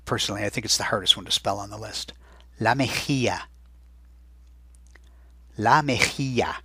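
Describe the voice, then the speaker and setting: A man with a husky, bright voice and a fairly low pitch, giving a chatty recorded vocabulary lesson. He repeats each word slowly, as if for dictation. The sound is close and dry. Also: no echo. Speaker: Spanish teacher.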